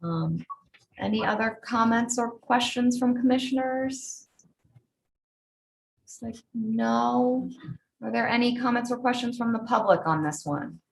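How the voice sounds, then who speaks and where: A woman chairing a town commission meeting, calling motions and roll votes in a brisk, procedural way. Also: a little high, animated, creaky, a little hiss or hum, rough recording. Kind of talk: running a public meeting.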